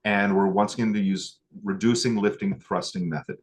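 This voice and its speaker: A man's voice: fairly low pitch, fairly even intonation. Emotional man telling a teaching story. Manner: emotional, choked up at times; pauses with fillers and restarts. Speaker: acupuncture instructor. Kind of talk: teaching a class with a personal story.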